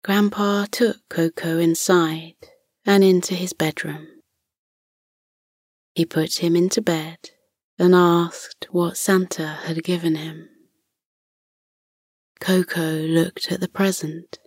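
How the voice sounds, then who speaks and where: A woman narrating a bedtime story for children in a soft, hushed voice that often drops to a whisper. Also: on the low side, little pitch movement, slow, pauses often, no echo, clean studio sound.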